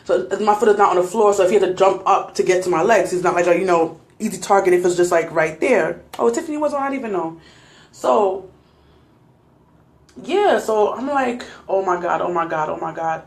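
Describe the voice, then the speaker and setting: A woman's voice: mid-range voice, fairly quick. Young woman telling viewers a scary story, shaky nervous laughs, roomy echo. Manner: shaken, retelling a scary night, nervous laughs. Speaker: vlogger. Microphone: phone.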